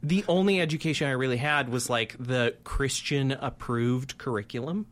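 A man from Colorado co-hosting a podcast, telling self-deprecating stories in a casual, animated way. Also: mid-range voice, normal speed. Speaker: podcast co-host.

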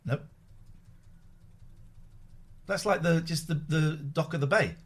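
A man's voice: a little high, takes it slowly, noisy background. A man co-hosting a podcast, chatting casually and joking while fiddling with a voice app. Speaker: podcast co-host. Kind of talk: casual chat.

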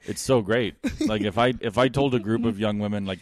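A man's voice: on the low side, fairly quick. A man hosting a podcast, teasing his co-host in a dry, joking way. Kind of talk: casual comedy chat.

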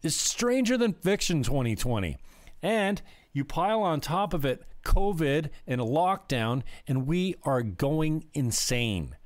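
A man's voice: a little high, sing-song, unhurried, no echo. A man hosting political commentary, ranting heatedly and sarcastically over clips.

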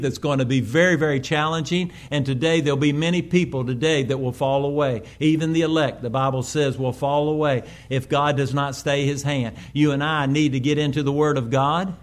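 A preacher, a man whose voice sits a little high for a man. He preaches his sermon with sudden swells in volume and slows down to stress key phrases. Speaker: pastor.

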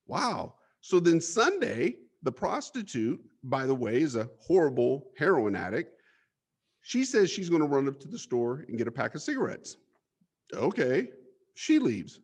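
A man's voice: on the high side, huge pitch swings, unhurried, darkish tone, husky. A man as an interview guest, telling his life story bluntly, with swearing and stammered restarts.

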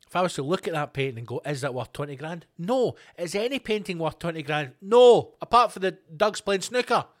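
A Scottish man hosting his own podcast, ranting alone in a sweary, animated way and acting out little dialogues. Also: high voice, fairly quick. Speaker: podcast host. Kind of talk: solo comedic rant.

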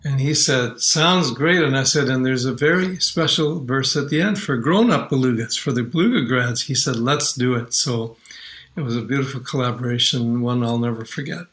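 An older man from Canada, a singer telling stories of his songs in an interview, earnest and unhurried. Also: medium pitch, fairly bright tone, rough recording. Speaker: children's singer and guest. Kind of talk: warm reflective interview talk.

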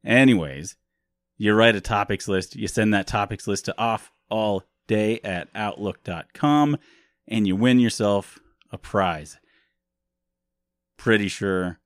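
A man's voice: on the low side, takes it slowly, no room sound, clean studio sound. A young man co-hosting a podcast in casual chat, rambling and laughing often. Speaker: podcast co-host.

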